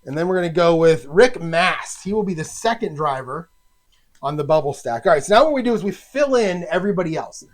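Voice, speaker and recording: A man casually talking himself through a solo tabletop racing game, chatty and halting, with lots of fillers. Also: fairly high pitch, lively intonation.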